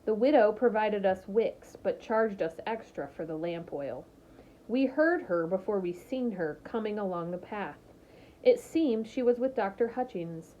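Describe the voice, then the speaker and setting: A woman's voice: mid-range voice, lively intonation, a little slow, mellow, slight background noise. A woman reading a novel aloud, narrating steadily and expressively. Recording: slightly muffled lo-fi recording.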